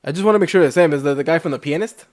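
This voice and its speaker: A man co-hosts a loose podcast conversation, his voice sitting a little high. He rambles, restarting thoughts and filling gaps with "like.". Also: rapid-fire. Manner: rambling, heavy use of "like", frequent restarts. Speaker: podcast co-host. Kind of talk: casual chat.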